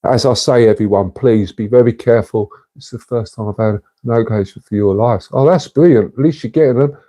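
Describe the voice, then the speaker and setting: Male streamer, relaxed warm voice, casual chatty host. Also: medium pitch, brisk. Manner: chatty, matey, reads and answers comments. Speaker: livestream host. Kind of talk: casual livestream chat with viewers.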